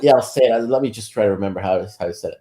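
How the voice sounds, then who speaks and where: Halting, low-key man in casual chat. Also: dark tone. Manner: halting, many fillers and restarts. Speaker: guest.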